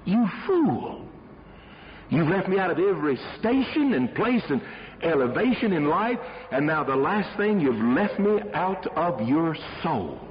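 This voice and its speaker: A preacher doing a stern rebuking voice. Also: male voice, a little high, sing-song, a little slow. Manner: rebuking, emphatic. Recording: dull sermon recording with long hall reverb.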